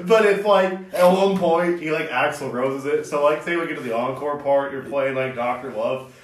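Male podcast host, giggly riffing storyteller, bit high-pitched, roomy off-mic sound. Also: moderate pace, far from the mic. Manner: laughing, animated, acts out bits in mock voices. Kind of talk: casual chat. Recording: echoey room, off-mic.

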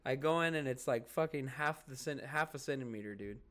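A man's voice: medium pitch, fairly quick, a bit bright. A young man co-hosting a podcast, telling rambling stories in casual chat, full of "like", "dude" and swearing. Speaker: podcast co-host.

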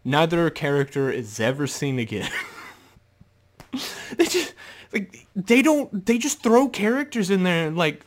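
A man hosting a podcast, reviewing a movie in casual solo chat, animated and laughing often as he slips into mock voices. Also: fairly high pitch, measured pace, long pauses. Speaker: podcast host.

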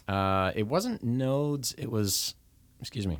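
A man's voice: mid-range voice, animated, slow pace, no echo. A man who sings for a living, chatting casually and laughing often. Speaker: singer and musician. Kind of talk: casual chat.

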